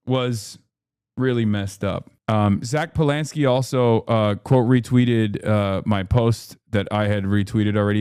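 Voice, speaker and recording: A man's voice: lowish voice, unhurried, a little mellow, clear, resonant tone, no echo, clean studio sound. A man streaming heated political commentary, talking indignantly with frequent restarts and fillers.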